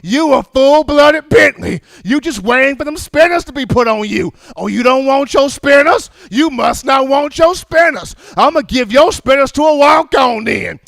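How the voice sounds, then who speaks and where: A man acting out a fiery male strength coach who shouts and taunts worn-out players. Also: very high-pitched, lively intonation, moderate pace, vocal fry, few pauses, dry recording, voice pushed up, heavily acted. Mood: shouting.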